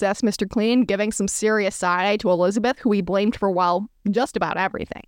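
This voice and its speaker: A woman hosting a podcast, reading fanfiction aloud in a comic, dramatic style with deadpan asides and playful character voices. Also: mid-range voice, a little fast, few pauses, no echo, clean studio sound.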